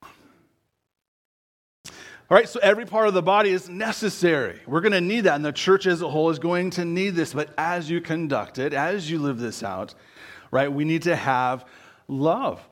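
At a normal speed, a male pastor delivers a sermon conversationally. He often tacks on tag questions and lets his voice sink low and quiet on key words.

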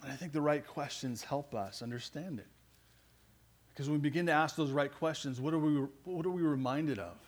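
A man's voice: on the high side, brisk. Earnest man preaching a sermon. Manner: earnest, rising to emphatic. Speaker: pastor.

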